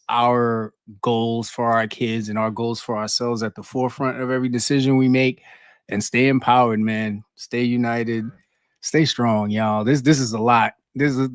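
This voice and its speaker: A man's voice: mid-range voice, no echo, studio quality. A man co-hosting a live podcast in a laid-back, slangy casual chat, drawing out his words. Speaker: podcast co-host.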